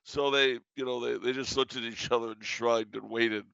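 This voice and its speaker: A man's voice: medium pitch, fairly even intonation, normal speed, creaky, a bit bright, clear, resonant tone, no echo, lo-fi sound. A man chatting casually, spinning stories with chuckles and a playful edge. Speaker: regular guest answering questions. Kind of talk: casual chat.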